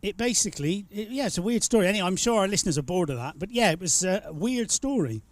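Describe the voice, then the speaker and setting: A man's voice: high voice, lively intonation, fast. A man hosting a live stream, chatting casually and telling rambling, teasing stories. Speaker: stream host. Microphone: studio mic.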